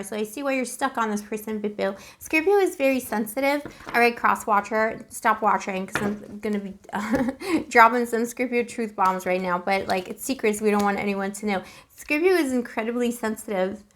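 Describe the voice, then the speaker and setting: A woman's voice: fairly high pitch, fairly bright tone. A woman giving a casual, chatty tarot reading to camera. She is emotional and keeps calling the listener boo. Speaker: tarot reader.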